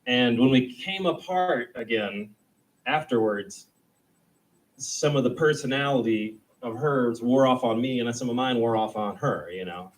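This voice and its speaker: A young man doing a stand-up comedy set, rambling and self-deprecating, and breaking into quick, high-pitched voices for the characters in his stories. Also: recorded from a distance, low-quality recording. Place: comedy club stage.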